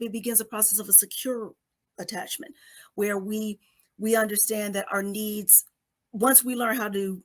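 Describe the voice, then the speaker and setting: A middle-aged woman on a podcast explaining a psychology topic in a conversational way, often checking in with "okay?" and acting out little scenes. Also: mid-range voice. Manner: acts out babies and parents in quoted voices.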